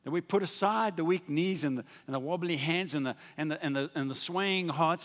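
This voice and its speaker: A male pastor delivers a sermon, his slightly raised voice surging into loud, ringing proclamations before falling back into soft, confiding asides. The sound carries a long reverb, like a large church sanctuary. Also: a little high, animated, normal speed, hardly any pauses. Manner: impassioned, rising to exclamations then dropping to soft asides.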